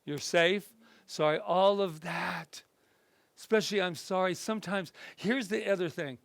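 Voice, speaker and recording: A male minister with a slightly high voice leads a group workshop. He talks in a lively, conversational way, then eases into slow, gentle guidance. The sound is close and dry, with little room echo. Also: gravelly. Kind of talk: workshop talk and guided meditation. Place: indoor group session room.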